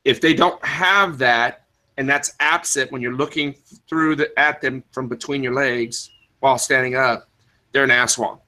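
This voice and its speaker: A man hosts a podcast in casual talk, rambling with plenty of restarts and fillers and pausing to answer the live chat, even spelling words in the phonetic alphabet. His mid-range voice is steady, unhurried, bright and forceful, and the recording is rough.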